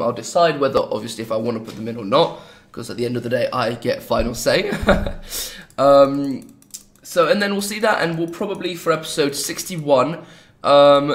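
A man's voice: medium pitch, a bit bright. Rambling young Englishman with an English accent. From England. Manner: rambling, chatty, jokey asides. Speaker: gaming video host. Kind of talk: casual gameplay commentary.

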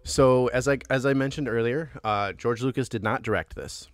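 A man's voice: mid-range voice, moderate pace, no room sound. Playful bartender podcast host, man. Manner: playful, animated, laughs often. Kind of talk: casual movie review chat.

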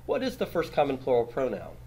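A man's voice: medium pitch, wildly swooping pitch, fast, a little mellow. A man teaching grammar in a classroom lecture, quizzing students and tagging his points with "right?". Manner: patient, steps through rules on a board.

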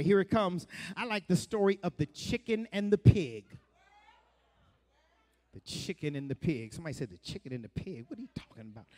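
A pastor preaching a sermon and telling a story, with lots of repetition, call and response with the congregation, and now and then bursts of shouting. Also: male voice, sits high. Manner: animated storytelling, laughs often.

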